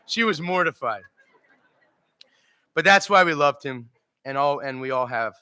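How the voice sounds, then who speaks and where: Man, eulogy for his dad, anecdotal and emotional, bright slightly high voice. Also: lively intonation, a little slow, clean tone. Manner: storytelling, emotional, laughs through stories. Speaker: son giving a eulogy. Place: memorial service.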